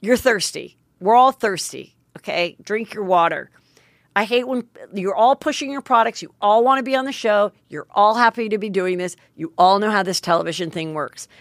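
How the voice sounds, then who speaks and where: A middle-aged woman hosts a podcast, delivering a casual storytelling monologue that's candid, chatty, self-mocking, and sprinkled with swearing. Her voice is medium-pitched at a moderate pace, with studio quality and no room sound.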